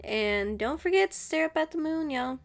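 A woman's voice: high voice, animated, moderate pace, vocal fry. A woman hosting her own show, chatting casually and rambling, laughing often and switching into Spanish now and then. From Mexican family. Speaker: podcast host. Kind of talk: casual solo chat.

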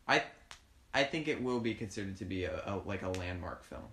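A man's voice: low voice, animated, a little fast, fairly bright tone, reverberant. A young man co-hosting a podcast in casual chat, hedging and hesitating as he forms his opinions. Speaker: podcast co-host.

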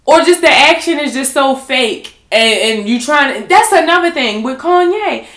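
A woman's voice: sits high, animated, normal speed, fairly bright tone, reverberant. A woman co-hosting a podcast, talking in a blunt, heated and profane way in casual chat. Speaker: podcast co-host.

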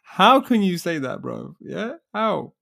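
A man's voice: high-pitched, sing-song, slow pace, gravelly, bright, forceful tone. Male podcast co-host, casual storyteller who acts out the quotes. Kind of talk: casual chat.

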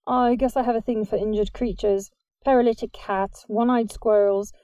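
A woman voicing a gentle, earnest teenage boy. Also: fairly high pitch, fairly even intonation, moderate pace, no room sound, close to an everyday voice. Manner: soft, polite, earnest. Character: gentle teenage boy who loves hurt animals.

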